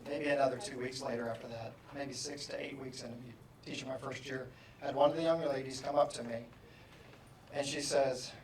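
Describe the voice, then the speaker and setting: A man giving a motivational keynote, telling a story with animated, self-mocking humor. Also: mid-range voice, a little fast, background noise. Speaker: motivational speaker. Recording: echoey hall from far off.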